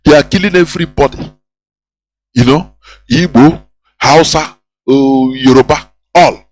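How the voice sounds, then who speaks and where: A man's voice: a little high, measured pace, poor audio. Preachy man on the radio. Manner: preachy, repetitive, rhetorical questions. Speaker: radio host. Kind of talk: impassioned radio monologue.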